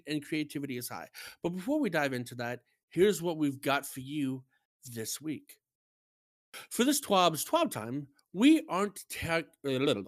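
A man co-hosting a casual podcast, reading out a listener message and the weekly news with lively emphasis. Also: a little high, dry recording. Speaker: podcast co-host.

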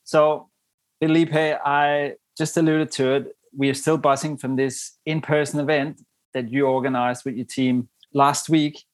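A man's voice: medium pitch, flat delivery, measured pace, dry recording. Dry-sounding male podcast host. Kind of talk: interview introduction.

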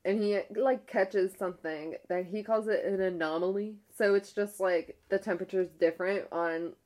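In a mid-range voice at normal speed, a young woman casually tells the story of a ghost-hunting episode. Her delivery is hushed yet animated and rambling, with "like" in nearly every phrase and frequent restarts of her sentences.

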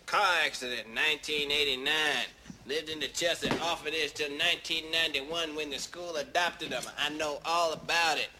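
An actor playing a stern, sarcastic Marine major with a blunt, mocking drawl, in a film clip. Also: male voice, a little high, fairly even intonation, normal speed, background noise, close to an everyday voice. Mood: curt.

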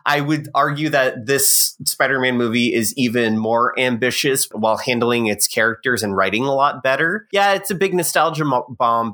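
A man giving his upbeat, animated take on a movie on a casual podcast. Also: mid-range voice. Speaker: podcast co-host. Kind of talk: casual movie review chat.

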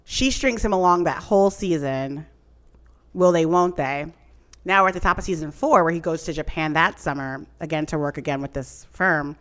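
A woman's voice: low-pitched, normal speed. A woman in casual chat, telling a long story with lots of fillers. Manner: rambling, animated storytelling with many "like" fillers. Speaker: podcast co-host recapping a TV show.

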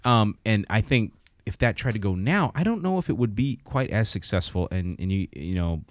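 A man who works as a voice actor, a podcast guest chatting casually and telling lively stories with many restarts. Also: lowish voice, normal speed, no echo, studio quality. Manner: animated storyteller, many restarts and fillers.

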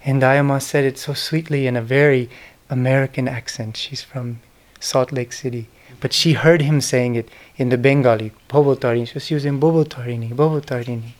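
A man's voice: medium pitch, fairly even intonation, moderate pace, hardly any pauses. A middle-aged man giving a reflective, devotional talk, telling stories in an earnest manner. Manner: earnest, devotional storytelling with soft, whispered quoted names. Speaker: speaker giving a talk on spiritual history. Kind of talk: reflective spoken lecture.

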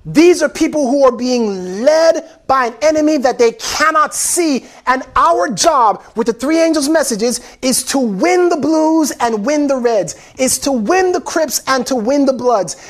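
A man's voice: very high-pitched, lively intonation, measured pace, hardly any pauses. A man preaching an impassioned sermon, repeating phrases and calling his listeners beloved. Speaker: pastor.

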